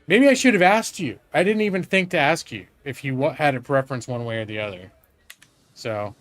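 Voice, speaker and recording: A man's voice: mid-range voice, animated, fairly quick, a bit bright, soft background music. A man casually commenting while he plays a strategy game live, swearing now and then and talking to his chat. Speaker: streamer playing a strategy game.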